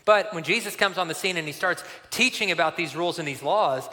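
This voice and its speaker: A man in his forties preaching a sermon in a church, telling a personal story in an animated, conversational way. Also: a little high, brisk, in a large hall. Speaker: pastor.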